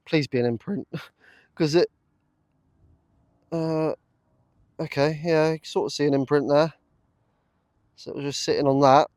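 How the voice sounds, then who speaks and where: A man talking casually to camera while metal detecting in a field, chatty and easily excited, with lots of fillers. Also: on the high side, moderate pace, pauses often, no echo. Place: open field outdoors.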